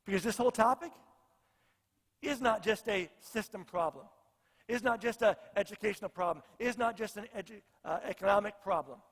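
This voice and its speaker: A male pastor delivers an earnest sermon, driving points home by repeating his phrases. His voice sits fairly high. The sound carries a long reverb, as in a church sanctuary. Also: brisk, a bit bright.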